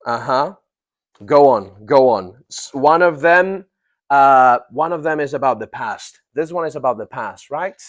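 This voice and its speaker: A man with a medium-pitched, expressive voice teaches an English grammar lesson. He asks the class questions and repeats key phrases slowly.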